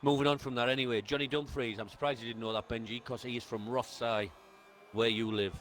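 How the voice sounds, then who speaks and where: A man's voice: medium pitch, fairly even intonation, quick pace, fairly bright tone, slight background noise. A man co-commentating a sim race stream, bantering and quizzing viewers on racing trivia. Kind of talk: casual live-stream commentary.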